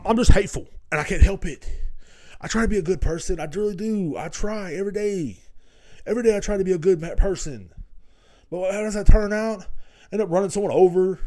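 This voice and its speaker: A man's voice: high-pitched, warm tone. A man hosting a podcast, talking in a rambling, blunt and heavily profane way. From Texas. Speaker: podcast host. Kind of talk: casual solo podcast rant.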